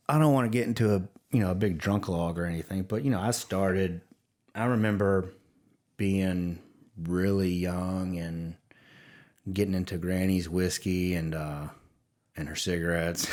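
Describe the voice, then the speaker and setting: Southern louisiana guy, real low voice, folksy and laughs a lot. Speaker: podcast guest. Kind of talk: casual conversation.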